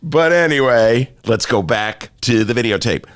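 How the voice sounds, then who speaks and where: A man's voice: mid-range voice, animated, a little slow, a bit bright, clear, resonant tone, no room sound. A man hosting a talk show in a studio, joking and self-mocking in a playful monologue. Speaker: host.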